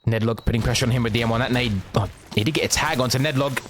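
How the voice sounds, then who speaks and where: A man giving quick, excitable live play-by-play as a game shoutcaster, with casual asides to his viewers. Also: mid-range voice, slight background noise. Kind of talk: live esports commentary.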